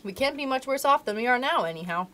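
A brave young miner boy from a storybook, sturdy and matter-of-fact, as a woman puts him on. The voice sits fairly high and moves a lot in pitch. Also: animated, fast, fairly bright tone. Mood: puzzled.

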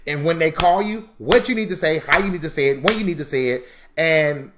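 A man teaching a live-streamed credit class, chatty and animated, calling viewers "y'all" and acting out mock quotes. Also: fairly high pitch, brisk, background noise. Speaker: credit repair instructor.

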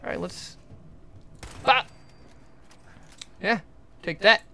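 A young adult livestreamer giving jokey, excitable commentary while playing, often talking to the game's characters. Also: mid-range voice, very slow, creaky. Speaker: gaming livestreamer. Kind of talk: live gameplay commentary.

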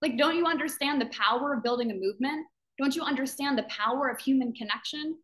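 A woman's voice: high voice, quick pace, a bit bright. A woman who founded a business community, giving a fervent motivational talk to its members on a live video call. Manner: fervent, emphatic, repeats phrases for emphasis; acts out other people's doubting voices in quotes.

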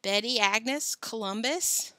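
A woman's voice: fairly high pitch, takes it slowly, sharp tone, no echo, voice pushed up. A woman voicing a cheeky, glib boy of about ten who talks his way out of trouble in a storybook reading. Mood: flustered. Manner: glib, wheedling.

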